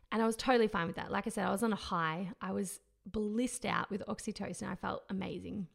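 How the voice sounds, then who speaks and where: A young woman recounts her birth story in a heartfelt, emotional way. Her mid-pitched voice has heavy vocal fry and turns gravelly at the ends of phrases. She often halts, searches for words and repeats herself. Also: fairly even intonation, normal speed. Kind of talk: personal storytelling.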